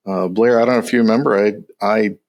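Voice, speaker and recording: A middle-aged man from the United States, a podcast guest in casual chat, easygoing and halting with many fillers. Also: lowish voice, fairly even intonation, highs cut off.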